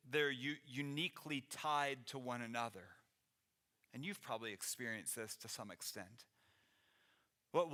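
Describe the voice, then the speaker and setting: A male pastor delivering a sermon in a church with an earnest, conversational manner, often circling back to restart a phrase. His voice is bright and ringing, sitting a little above the usual male pitch. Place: church sanctuary.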